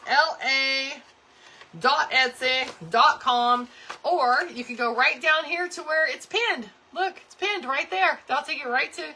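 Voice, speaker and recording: Lady doing a live craft tutorial, bright voice, chatty and cheerful, talks to the viewers the whole time. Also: high voice, a little hiss or hum. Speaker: craft channel host.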